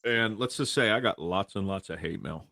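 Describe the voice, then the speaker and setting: A man's voice: lowish voice, moderate pace, gravelly, sharp tone, dry recording, studio quality. A man co-hosting a podcast in casual chat, amused and chatty. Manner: amused, reading aloud with laughs. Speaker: podcast co-host.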